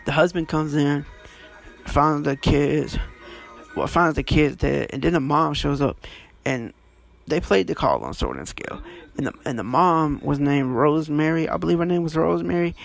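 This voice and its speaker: A man telling stories in a casual monologue, blunt and swearing freely, with soft music behind him. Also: animated, moderate pace, creaky. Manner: blunt, swears freely, wide swings in pitch. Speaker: storytelling vlogger.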